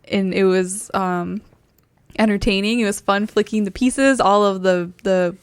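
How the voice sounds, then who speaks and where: A woman's voice: mid-range voice, steady tone, a little slow, smooth, no echo. A woman co-hosting a board game podcast, chatting casually with plenty of hedges and laughs. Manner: chatty, hedging, many fillers and laughs. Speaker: podcast co-host. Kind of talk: casual chat. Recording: dry close mic.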